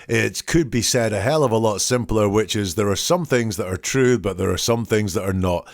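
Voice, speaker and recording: A man's voice: fairly low pitch, moderate pace, vocal fry, no room sound, studio quality. A man who hosts a commentary show, reading quoted lines aloud and picking apart their wording in an analytical way. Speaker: host analysing statements. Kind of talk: solo commentary.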